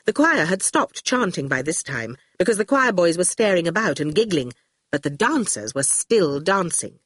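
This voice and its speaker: An audiobook narrator reading scripted narration expressively and dropping low for speech tags. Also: sing-song, moderate pace, a bit bright, no room sound, studio quality.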